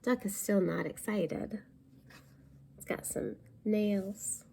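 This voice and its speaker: A woman reading a picture book aloud at a library storytime, pausing to explain words for young listeners. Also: mid-range voice, creaky, dark tone, a little hiss or hum.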